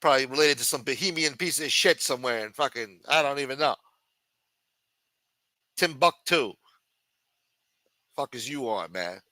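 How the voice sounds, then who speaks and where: New man, profane political rant, forceful sharp voice, dry close sound. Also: medium pitch, lively intonation, moderate pace, long pauses, no room sound. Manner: angry, profane, combative. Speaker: podcast host.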